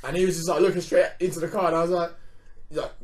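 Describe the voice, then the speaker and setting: A man's voice: fairly high pitch, fast talker. A man spins a long anecdote as a podcast guest. He laughs often, restarts his sentences, and speaks in a slightly raised voice. Crowd noise sits behind him. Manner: animated, laughing storyteller with many restarts. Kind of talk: casual storytelling.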